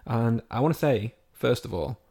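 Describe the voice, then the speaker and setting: A man's voice: medium pitch, normal speed, gravelly, warm tone, husky. A man hosting a podcast in casual chat, jokey and playful, swearing casually. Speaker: podcast host.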